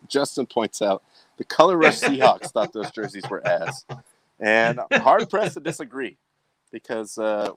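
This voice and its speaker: Rambling male sports show host. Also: mid-range voice. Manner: rambling, filler-heavy delivery. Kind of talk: casual sports chat.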